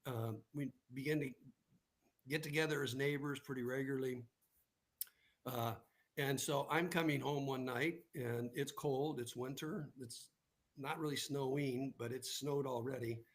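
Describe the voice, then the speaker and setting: A man appearing as a guest on a live show casually tells personal stories, frequently checking in with "right?" His mid-range voice keeps a steady tone at a slightly slow pace.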